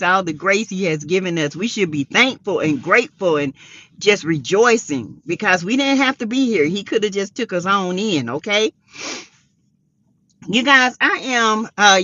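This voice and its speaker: A middle-aged woman hosting a casual livestream chat, greeting viewers by name and breaking into high excited exclamations. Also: dry recording, lo-fi sound. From South Carolina. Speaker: livestream host.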